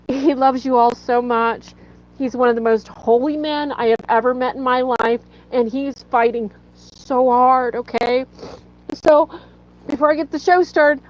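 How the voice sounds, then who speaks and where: A woman hosting a faith livestream is tearful, fighting back tears as she earnestly pleads with viewers and greets them by name. Her voice is a little high and the audio sounds dull.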